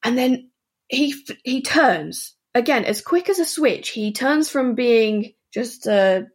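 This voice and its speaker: A woman, an interview guest, telling a personal story in an earnest, halting way full of asides. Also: fairly high pitch, expressive, slightly rough.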